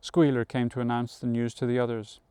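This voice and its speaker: A man narrating a novel aloud as an audiobook reader, in a measured storytelling manner that includes occasional self-corrections. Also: medium pitch, flat delivery, warm tone, clean tone, dry recording.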